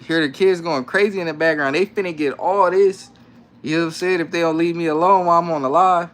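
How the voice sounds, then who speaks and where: Young adult man, livestream host at home; casual slangy banter, frequent laughs, slightly high pitch. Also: fairly even intonation, quick pace, a bit bright. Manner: laid-back slangy banter, laughs often. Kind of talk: casual live stream chat reading comments. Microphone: phone.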